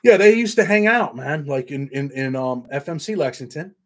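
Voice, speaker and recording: A man's voice: a little high, moderate pace, fairly bright tone. A man hosting a casual livestream, rambling and swearing while reading viewer comments aloud. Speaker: show host.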